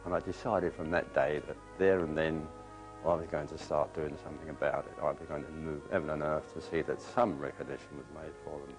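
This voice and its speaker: A man's voice: very deep voice, fairly even intonation, brisk, over music, low-quality recording. An older English man, a war veteran, recalling his experiences in a plain, understated way with hesitations. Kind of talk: spoken recollection.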